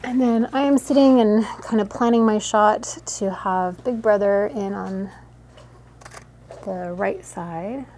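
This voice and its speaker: A woman's voice: mid-range voice, slow, slight background noise. A woman photographer talking through a newborn photo session in her studio, chatty and instructive. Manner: instructive, chatty, coos softly to the baby. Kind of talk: explaining a photo session on camera.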